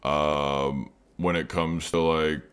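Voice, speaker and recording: With a smooth bass voice that's a bit bright, this man speaks slowly and flatly. He hosts a live trading stream, chatting casually with viewers by name in a rambling way packed with fillers.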